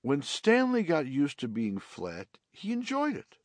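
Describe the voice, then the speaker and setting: Animated male storybook narrator. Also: a little high, unhurried, dry recording. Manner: expressive, animated reading. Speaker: audiobook narrator.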